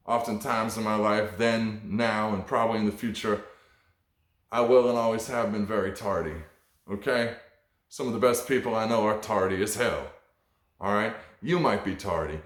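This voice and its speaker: A man's voice: lowish voice, echoey room. A man hosting a comedy podcast alone, delivering a rambling, profane, mock-preachy monologue.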